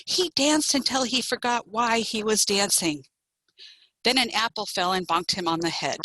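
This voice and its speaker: A woman, a children's librarian, reading a picture book aloud in an animated, expressive way. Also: medium pitch, moderate pace, dry recording, low-quality recording.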